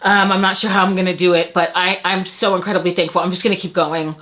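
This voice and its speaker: A woman's voice: on the low side, little pitch movement, fast talker, fairly bright tone. Overwhelmed young woman vlogging. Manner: overwhelmed, emotional, stammering with thanks. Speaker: book vlogger. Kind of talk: casual vlog chat.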